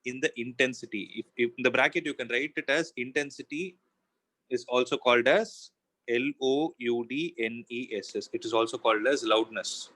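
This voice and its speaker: A man's voice: medium pitch, normal speed, fairly bright tone, low-quality recording. A man teaching a physics class, explaining step by step and asking himself questions as he goes. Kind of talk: classroom lecture.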